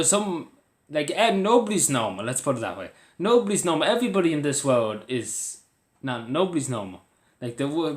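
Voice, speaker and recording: Irish man, casual vlogger, earnest and rambling, mid-pitched, roomy echo. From Ireland. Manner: rambling, earnest, with many fillers and restarts. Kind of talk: casual talk to camera.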